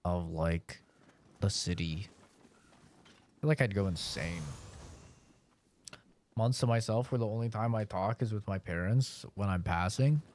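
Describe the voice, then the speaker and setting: Low-voiced, laid-back swearing streamer. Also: male voice, unhurried, long pauses, a little mellow, slight background noise. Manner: profane, laid-back rambling. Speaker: game streamer. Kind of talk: casual chat while gaming.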